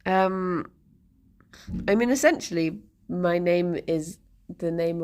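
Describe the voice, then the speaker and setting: A woman's voice: fairly low pitch, takes it slowly, long pauses, a little mellow. A young woman chatting casually on a live stream at home, rambling with lots of restarts and giggles. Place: home, sat on the floor with pet rabbits.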